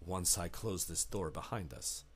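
A man voicing a sinister male host who leads a party down into a dungeon, speaking low, hushed and commanding. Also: a little slow, husky. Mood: ominous.

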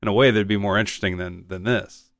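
Low-voiced man chatting about a movie. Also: steady tone, quick pace, fairly bright tone, dry recording. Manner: rambling, wry, trails off into mumbles. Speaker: podcast co-host. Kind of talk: casual movie discussion.

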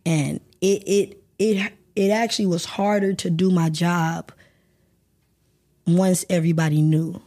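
Candid woman, warm low-key tone. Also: steady tone, unhurried. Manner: emotional, candid storytelling with swearing. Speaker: guest actor. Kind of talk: candid podcast interview.

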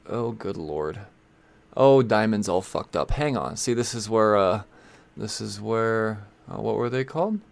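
A man's voice: on the low side, expressive, unhurried, vocal fry. A man hosting a casual rundown of new comic releases, rambling, stalling and swearing as he scrolls through his list. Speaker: comic book shop host.

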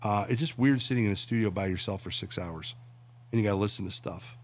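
A man's voice: lowish voice, quick pace, slight background noise. A man who works in radio and voiceovers, a guest chatting casually and telling jokes with acted voices. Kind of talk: casual chat and joke-telling.

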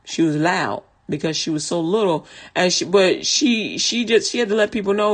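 A woman's voice: fairly low pitch, normal speed, few pauses. A woman casually telling a personal story in conversational, vernacular speech, often laughing and restarting her sentences.

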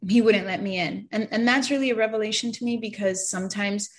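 A woman giving an earnest, emotional personal testimony, halting and stammering at times and often dropping to a soft, quiet voice. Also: mid-range voice, steady tone. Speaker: person sharing a faith testimony.

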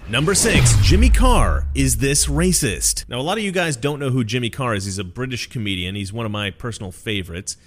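A man's voice: on the low side, fairly bright tone. A man from America in his forties, casually commenting on comedy clips in a chatty, conversational manner. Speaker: video host.

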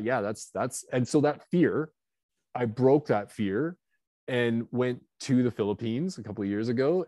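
A man in his fifties, a guest author telling personal stories in an animated, confessional way with lots of fillers and restarts. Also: fairly low pitch, no echo. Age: 50s. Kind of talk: candid storytelling.

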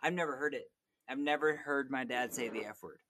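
A young man chatting casually on a podcast, telling stories in a profane, animated way. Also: medium pitch, a little fast, slight background noise. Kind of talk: casual chat.

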